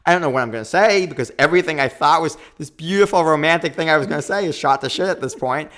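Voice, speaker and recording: A man in his thirties, a podcast guest, telling a long story in a lively, quick way and acting out what people said. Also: on the high side. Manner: animated, quick storytelling with acted-out quotes. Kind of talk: storytelling in a casual interview.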